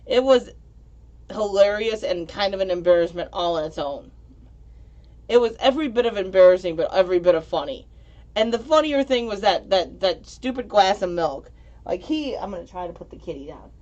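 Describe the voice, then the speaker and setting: A woman's voice: medium pitch, expressive, normal speed, a little mellow, dull audio. A woman hosting a casual livestream from home, rambling and giggly, often tripping over her words as she reads the chat. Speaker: livestream host reading chat.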